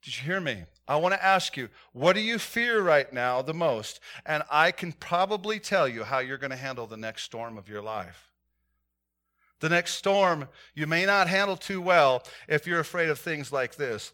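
A man preaching to his congregation in a bright, slightly high voice. He tells stories with animation, rising to loud calls and sinking to hushed, earnest points. His range of loudness is wide and lively. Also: moderate pace. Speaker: pastor. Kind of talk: sermon. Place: church.

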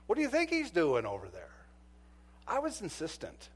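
A man in his fifties delivers a sermon built around a story from his police work. His voice sits a little high for a man. He acts out every line of dialogue, rising to loud bursts and then dropping almost to a whisper. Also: wildly swooping pitch, moderate pace, slightly rough. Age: 50s. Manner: dramatic storytelling, acts out dialogue, swings from shouting to near-whisper. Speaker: preacher and former police officer.

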